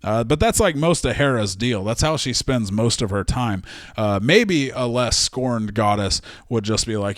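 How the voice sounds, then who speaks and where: A man's voice: mid-range voice, animated, a little slow, dry recording. A man hosting a comedy history podcast, telling stories in a rambling, profane, jokey way with lots of fillers, on a close studio mic. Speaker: podcast host. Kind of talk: comic history podcast storytelling.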